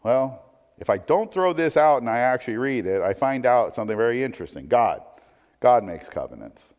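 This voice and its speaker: A man preaching a sermon, swinging between emphatic points and hushed, conversational asides. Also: medium pitch, expressive, a little fast. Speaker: pastor. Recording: long hall reverb.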